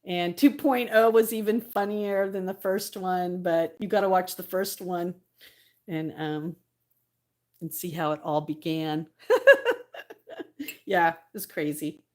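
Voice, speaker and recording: A woman's voice: lowish voice, steady tone, slow, pauses often, darkish tone. Chatty, laughing woman live-streaming. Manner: chatty, laughs often, reads viewer comments aloud. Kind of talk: casual live-stream chat.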